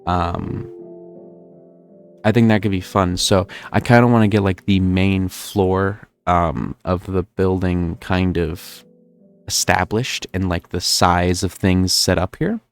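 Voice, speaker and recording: Low-voiced New Jersey streamer thinking aloud. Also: male voice, steady tone, slow, smooth, faint music behind. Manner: rambling, thinking aloud with frequent fillers. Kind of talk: live-stream gameplay commentary.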